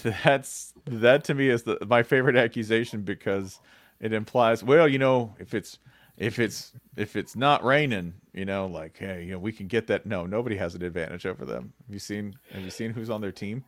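Wry, animated male podcast guest. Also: on the low side, normal speed, no room sound. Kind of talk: casual podcast chat.

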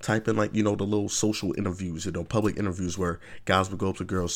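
A man's voice: low-pitched, quick pace. A man hosting his own vlog, giving casual opinion commentary in an emphatic, rambling way with frequent rhetorical check-ins. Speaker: vlog host.

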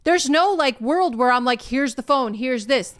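A woman's voice: high voice, expressive, moderate pace, a bit bright, no echo, studio quality. A young woman co-hosting a talk show, asking pointed questions in a teasing, casual way. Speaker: podcast co-host. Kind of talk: casual conversation.

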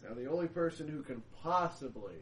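A man running a tabletop role-playing game, narrating casually with halting fillers. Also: on the high side, lively intonation, echoey room, slight background noise. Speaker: game master.

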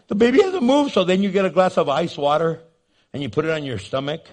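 High-voiced animated preacher man. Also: fast. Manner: animated, jokey, acts out scenes. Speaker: pastor. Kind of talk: sermon.

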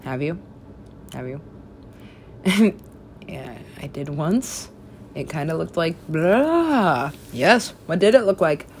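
A woman's voice: deep voice, expressive, takes it slowly, long pauses, a little hiss or hum. A woman talking in a rambling, profane, stream-of-consciousness way, in a casual monologue.

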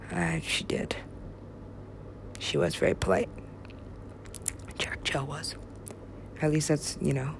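A young woman rambles slowly to herself, her voice gravelly, cursing freely and sometimes sinking to a whisper. A faint hiss sits under the recording. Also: sits low. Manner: rambling, profane, talks to herself, drops to whispers. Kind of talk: rambling solo talk.

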